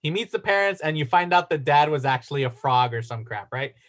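A man's voice: fairly high pitch, animated, a little fast, fairly bright tone. A man co-hosting a podcast, talking in casual chat and rambling with many restarts while he reads facts aloud. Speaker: podcast co-host.

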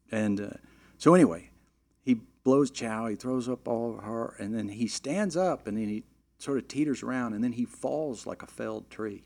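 A middle-aged man telling a long, animated anecdote in a casual way, with frequent "you know" fillers and restarts. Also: mid-range voice, normal speed. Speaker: storyteller.

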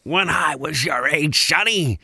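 A man voicing a cranky old man grumbling about young folks, in a quavering, drawn-out old-timer croak. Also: on the high side, sharp tone, voice pushed up, heavily acted. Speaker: podcast co-host.

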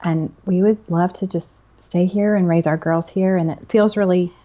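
A woman in her thirties from the American South talks with a podcast host, telling family stories and laughing easily. Her voice sits somewhat low, and the recording sounds dull and lo-fi. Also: steady tone, normal speed. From southern United States. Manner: warm-hearted storyteller, laughs easily. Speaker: podcast guest. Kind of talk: casual podcast interview.

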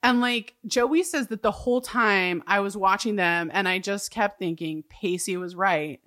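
A woman's voice: mid-range voice, normal speed, a bit bright, dry recording, clean studio sound. A young adult woman co-hosting a podcast, chatting casually about a TV episode, laughing often and using many fillers. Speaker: podcast co-host. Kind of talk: casual chat recapping a TV episode.

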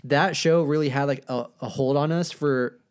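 A man's voice: on the high side, steady tone, normal speed, smooth. A man hosting a podcast in casual chat, rambling and enthusiastic, with lots of fillers and restarts. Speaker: podcast host.

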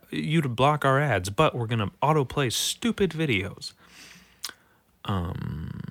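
A man who is sick, reading news headlines aloud in a casual, foul-mouthed way, swinging from mumbling to shouting. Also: medium pitch, no echo. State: sick, voice going rough. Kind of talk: casual profane commentary.

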